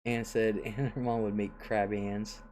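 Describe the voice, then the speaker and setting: A woman's voice: rumbling low, little pitch movement, moderate pace, darkish tone, a little hiss or hum. An older woman hosting a casual livestream, chatting and reading viewer comments aloud with frequent chuckles. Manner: chuckles often, chatty and rambling. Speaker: livestream host.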